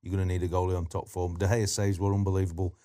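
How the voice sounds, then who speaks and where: Deep, mellow-voiced football coach. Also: male voice, little pitch movement, very fast. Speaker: former goalkeeping coach, guest. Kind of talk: casual football chat.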